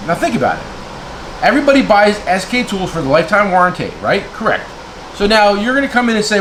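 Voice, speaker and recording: Fired-up man ranting, loud background. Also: high-pitched, big pitch swings, moderate pace, slight background noise, rough recording. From New Jersey. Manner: angry, blunt, name-calling, lots of "okay?". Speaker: tool dealer vlogger. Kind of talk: heated rant to camera.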